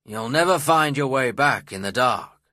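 A cold, gruff older landowner speaks with slow, fierce scorn, as a man reading the story puts him on. The tone is bright and forceful, and the pitch moves in lively swings. It sounds dry and close, with no room around it. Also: dry recording. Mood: fierce scornful.

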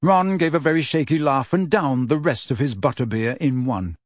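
A male audiobook narrator with a medium-pitched voice reads scripted narration in a measured, even storytelling style. The recording is dry and of studio quality.

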